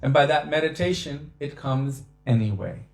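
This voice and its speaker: A man giving a devotional talk on scripture, telling stories with lively acted-out quotes. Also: fairly high pitch, moderate pace, vocal fry, reverberant, soft background music. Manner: animated storyteller who acts out quotes. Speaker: devotional speaker.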